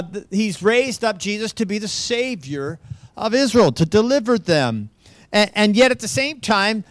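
A pastor teaching a Bible study in an informal, conversational way, often checking in with listeners and restarting phrases. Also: male voice, high voice, no echo. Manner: chuckles lightly, restarts phrases. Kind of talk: conversational sermon with slides.

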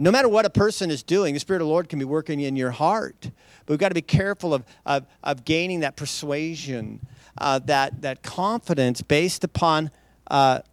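High-voiced man preaching casually. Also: dry recording. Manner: loose, chatty delivery with many restarts and asides; laughs lightly between points. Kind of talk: conversational sermon.

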